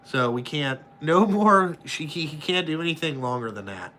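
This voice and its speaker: This is a man with a fairly high voice speaking at a moderate pace, with a faint hiss or hum in the audio. He's a truck driver answering viewers in a loose, blunt chat, cursing frequently and reenacting his calls with plenty of animation.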